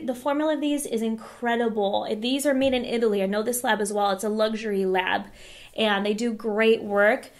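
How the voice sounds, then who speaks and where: A woman in a casual beauty vlog, chatty and enthusiastic with frank opinions, a little winded from a cold. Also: fairly high pitch. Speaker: beauty vlogger reviewing palettes. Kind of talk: casual product review.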